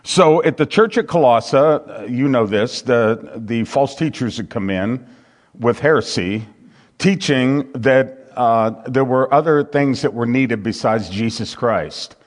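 A male pastor leading an evening Bible study and prayer, speaking in a measured preaching manner with frequent pauses. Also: mid-range voice.

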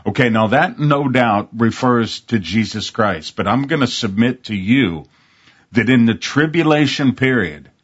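A man's voice: medium pitch, animated, unhurried, husky. A man preaching a sermon in an earnest, emphatic way, reading scripture aloud. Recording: dull lo-fi sermon recording.

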